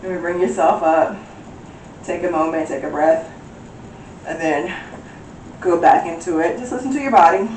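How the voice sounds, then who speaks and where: A woman's voice: lowish voice, normal speed, pauses often, darkish tone, a little hiss or hum. A woman leading a yoga class, playful and giggly as she calls out each breath and pose. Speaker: yoga instructor. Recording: roomy echo, voice from a distance.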